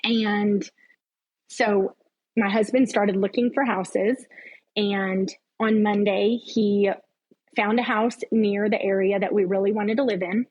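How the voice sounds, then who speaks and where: Middle-aged woman telling her faith story, slow and kinda husky, earnest. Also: mid-range voice, steady tone, darkish tone, highs cut off. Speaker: podcast guest. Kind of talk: personal faith testimony.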